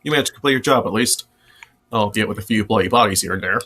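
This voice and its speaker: A man's voice: on the low side, quick pace, a bit bright, slightly rough. A man narrating a tabletop role-playing game as game master, rambling and restarting sentences.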